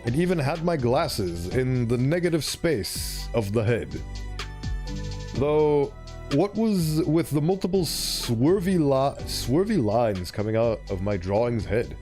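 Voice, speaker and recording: A playful man streams a game, reading the story aloud and chatting between lines, his pitch bouncing up and down. Faint game music plays behind him. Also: very animated, slow pace, dark tone. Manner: playful, chatty, self-interrupting. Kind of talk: let's play with reading aloud.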